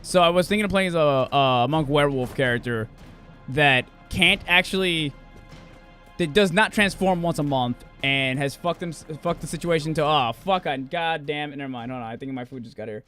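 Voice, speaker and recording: A man's voice: fairly high pitch, normal speed, a bit bright, soft background music. A young man streaming a game, ranting and swearing in melodramatic outbursts in a casual chat. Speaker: gaming streamer. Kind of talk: casual live-stream chatter.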